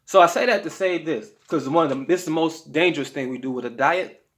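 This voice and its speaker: A man's voice: fairly high pitch, quick pace, a bit bright. A man giving diet advice to camera in a casual motivational talk, emphatic and slangy, often asking "okay?". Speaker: health vlogger.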